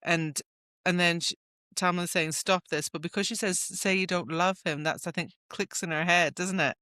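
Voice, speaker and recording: A woman's voice: lowish voice, fairly even intonation, normal speed, bright, forceful tone, no echo, clean studio sound. A woman, co-hosting a book podcast, retelling scenes in a chatty way with lots of fillers. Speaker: podcast co-host. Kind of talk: casual book chat.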